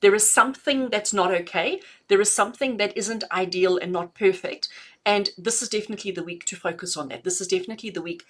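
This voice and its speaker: A woman's voice: mid-range voice, fast, a bit bright. A middle-aged woman doing spiritual readings for viewers on a live stream, chatty and affectionate, often laughing and calling people "my darling". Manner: laughs often between messages. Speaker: intuitive reader.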